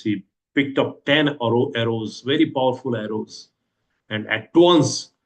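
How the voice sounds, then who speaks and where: An Indian-accented man teaching a scripture class, retelling the story and asking "what happens" again and again with frequent hesitant fillers. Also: on the low side. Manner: repeats rhetorical questions, hesitant fillers.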